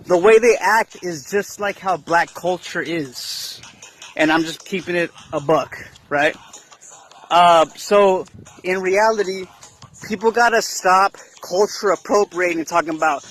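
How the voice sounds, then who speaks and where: A man's voice: high voice, unhurried, fairly bright tone, slight background noise. A man giving casual explanatory commentary, constantly checking in with "right?" as he makes his point. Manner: keeps asking "right?" while explaining. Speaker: video commentator.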